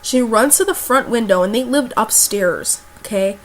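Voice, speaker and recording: A woman's voice: a little high, expressive, normal speed. A young woman vlogger telling a personal story in a casual, blunt way, with lots of fillers and swearing.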